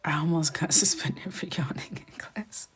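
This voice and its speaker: Young woman, lowish voice, relaxed livestream chatter with frequent whispers; faint music under. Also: normal speed, husky. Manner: chatty storytelling, often drops to a whisper, laughs a lot. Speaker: coloring livestream host. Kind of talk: casual chat while coloring.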